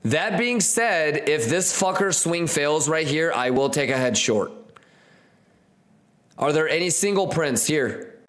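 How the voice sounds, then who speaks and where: A man's voice: fairly high pitch, animated, slow pace, a bit bright. A man hosting a live trading stream, hyped and slangy, repeating catchphrases and talking straight to his viewers.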